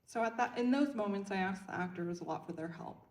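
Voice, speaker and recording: A woman interpreting Korean into English at a film Q&A, speaking clearly and evenly. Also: mid-range voice, animated, quick pace, a little mellow, distant mic. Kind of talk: consecutive interpreting.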